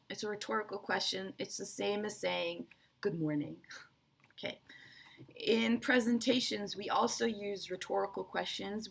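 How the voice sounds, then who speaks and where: In this online lesson, a woman with a mid-range, vocal-fry voice teaches English presentation skills. She walks viewers through it step by step, repeating key points and checking in often with "right?" and "okay."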